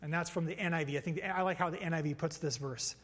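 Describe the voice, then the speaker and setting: A man preaching a sermon in a church, conversational and animated, with playful storytelling asides. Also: fairly high pitch, fast, in a large hall. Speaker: pastor. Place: church sanctuary.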